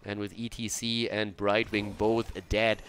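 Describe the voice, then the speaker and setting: Guy casting a game match solo, low-ish voice but really bright and punchy, explains plays as he goes. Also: little pitch movement, a little hiss or hum. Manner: brisk play-by-play mixed with coaching tips. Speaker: esports caster. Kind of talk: solo match commentary with analysis.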